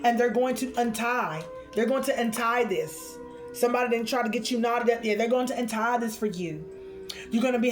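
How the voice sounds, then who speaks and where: A woman doing a spiritual card reading for her viewers, expressive and chatty, calling them honey and y'all. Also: on the high side.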